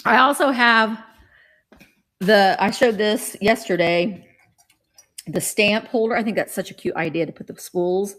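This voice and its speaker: A woman's voice: mid-range voice, unhurried, pauses often, fairly bright tone. Chatty middle-aged woman on a live stream. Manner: chatty, rambling, greets viewers while showing items. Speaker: vintage reseller hosting a live stream. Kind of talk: casual live-stream chat.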